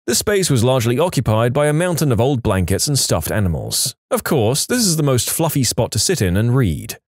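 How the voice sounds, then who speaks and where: Animated male storyteller, dry sound. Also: fairly quick, husky, dry recording. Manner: animated storytelling with lively pitch swings. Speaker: narrator. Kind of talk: scripted story narration.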